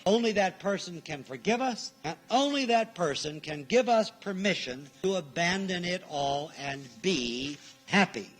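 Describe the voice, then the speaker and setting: A man's voice: high voice, animated, a little slow, fairly bright tone, faint music behind. A male minister delivering a sermon in a church, emphatic, repeating his key phrases and acting out the people he quotes.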